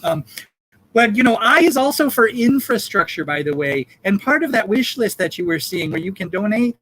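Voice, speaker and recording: High, lively, campy male bingo host. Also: rough recording. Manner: campy, jokey, drawn-out number calls. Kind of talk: live charity bingo hosting.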